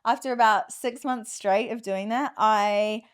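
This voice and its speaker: A woman's voice: on the high side, fairly even intonation, measured pace, smooth. A young woman with an Australian accent, chatting frankly as a podcast guest, with many fillers. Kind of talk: casual chat.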